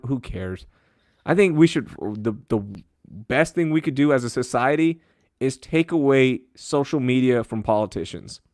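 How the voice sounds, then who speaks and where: A man's voice: medium pitch, no echo. Brief: man, podcast co-host, fired-up mocking rants, bone-dry close sound. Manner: animated, ranting, mocking. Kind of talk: casual chat.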